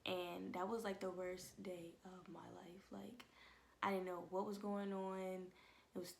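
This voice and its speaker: A young woman tells a heartfelt testimony at home, her voice gravelly with fry and held to a narrow, flat pitch. She talks casually and keeps slipping into hushed whispers as the emotion rises. A faint hiss of noise runs beneath her. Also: measured pace. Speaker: vlogger.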